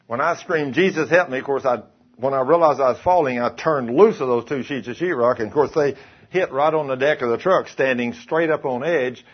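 A man preaches in a husky, mid-pitched voice, spinning a folksy personal story with plenty of emphasis. The recording is dull and muffled, like an old church tape. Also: a little fast. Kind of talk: sermon with personal testimony.

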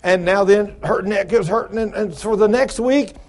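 Male pastor, higher voice, folksy storytelling sermon, big swings between low asides and high exclamations. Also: moderate pace, darkish tone.

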